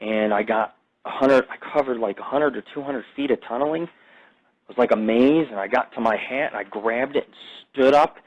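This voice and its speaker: A man's voice: medium pitch, normal speed, highs cut off. Rambling, profane male podcast host. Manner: profane, rambling, jumps between topics. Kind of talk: rambling casual monologue.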